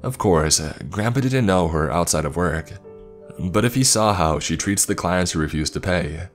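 A man narrating a horror story in a measured, ominous scripted delivery. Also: low voice, lively intonation. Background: faint background music.

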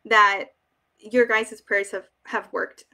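A woman's voice: medium pitch, flat delivery, slow, sharp tone, clean tone. A young woman hosting a casual live stream, reading viewer comments aloud and chatting emotionally with many fillers. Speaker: wig shop ambassador hosting a live stream.

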